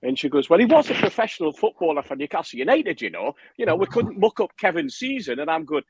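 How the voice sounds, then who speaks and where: A man telling a lively anecdote on a podcast, acting out the other people's lines. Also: a little high, fast talker, hardly any pauses, slightly rough, no room sound, poor audio. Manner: animated storyteller, acts out quotes, laughs often. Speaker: podcast guest telling a story. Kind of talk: casual anecdote.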